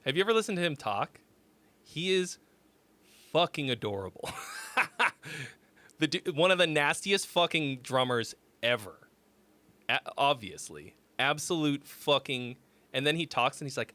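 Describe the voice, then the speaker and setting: Man, forties, bright voice, bouncy pitch, casual rambling livestream chat, swears a lot. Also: lively intonation, unhurried, long pauses. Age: 40s. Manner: rambling, profane, self-interrupting. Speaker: host of a song critique livestream.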